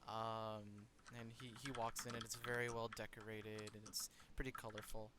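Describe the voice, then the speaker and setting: A young man narrating as game master, halting and repeating himself as he goes. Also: lowish voice, little pitch movement, background noise.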